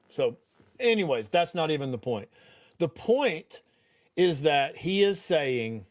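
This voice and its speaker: A man giving casual reaction commentary, blunt and scornful, swearing as he talks. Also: medium pitch.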